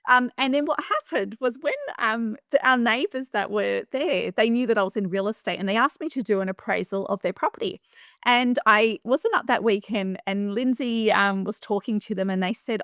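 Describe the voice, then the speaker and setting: A middle-aged woman from Western Australia with an Australian accent, a property manager chatting as a podcast guest, animated and full of fillers and restarts. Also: on the high side, moderate pace, no room sound, studio quality. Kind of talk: casual interview storytelling.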